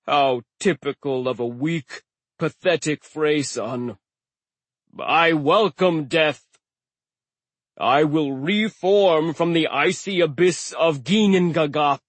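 A man voicing a wounded male stone giant who croaks out slow, spiteful threats in a storybook reading. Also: a little high, no echo. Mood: mocking menace. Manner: slow, sneering and menacing.

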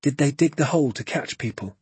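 A man's voice: lively intonation, fairly quick, darkish tone, husky, no room sound. A man voicing a frightened young boy calling out for his lost father in a storybook reading. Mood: anxious. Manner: pleading, high and strained.

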